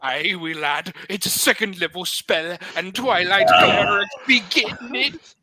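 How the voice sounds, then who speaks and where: A man's voice: sits high, measured pace, pushed and bright, a little hiss or hum, voice pushed up, heavily acted. A man playing a feisty Irish twilight cleric in a tabletop game, speaking theatrically with an Irish accent and invoking his moth god. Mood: cheeky.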